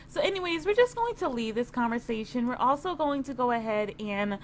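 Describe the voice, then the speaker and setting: Young woman chatting thru her sim game, lots of um and you know, kinda high voice, faint room hum. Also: animated, a little fast. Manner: chatty, filler-heavy, giggly. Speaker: gaming video creator. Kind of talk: game commentary.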